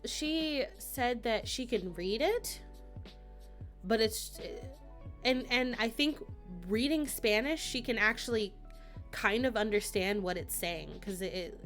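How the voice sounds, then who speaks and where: A woman's voice: fairly high pitch, expressive, takes it slowly, a bit bright, soft background music. A young woman streamer chatting casually with her live viewers, rambling and laughing often. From United States.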